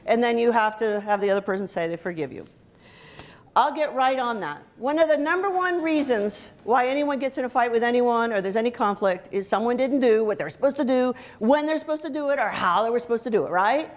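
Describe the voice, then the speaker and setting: Woman, middle-aged, slightly high-pitched, humorous workshop speaker, lively, engages the audience. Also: fairly quick. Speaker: motivational speaker. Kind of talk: humorous workshop talk to soldiers. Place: event hall before a live audience.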